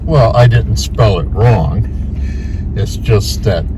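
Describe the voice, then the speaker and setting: A man's voice: on the low side, slow, background noise. A man in his seventies chatting with his wife, matter-of-fact and a little defensive. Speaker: husband. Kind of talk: casual chat. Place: in a truck.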